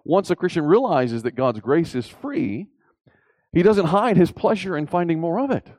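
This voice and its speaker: A man preaching a sermon emphatically, asking rhetorical questions and rising in pitch on key points. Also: big pitch swings, moderate pace, a little mellow, no room sound.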